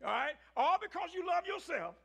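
A man preaching a sermon, swinging between shouted peaks and low, quiet stretches. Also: very animated, moderate pace, vocal fry. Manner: rising to shouts, then dropping low.

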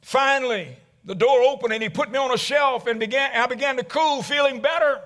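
A man's voice: very high-pitched, fairly quick, a bit bright, voice pushed up. A man voicing a suffering talking teacup that cries out and pleads in a sermon story. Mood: anguished. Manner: pleading, crying out.

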